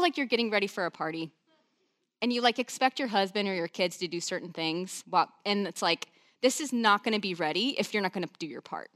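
A woman preacher giving a chatty, conversational sermon, animated and full of asides. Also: medium pitch.

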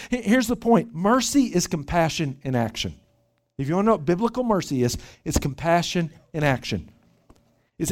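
A man preaching a sermon at a church retreat, animated and often repeating his first words as he starts a thought. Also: a little high. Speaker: pastor.

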